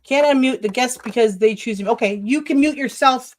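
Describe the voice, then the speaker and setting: A woman's voice: a little high, fairly quick. A woman hosting a casual livestream chat, talking loosely and offhand with guests and laughing easily. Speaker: livestream host.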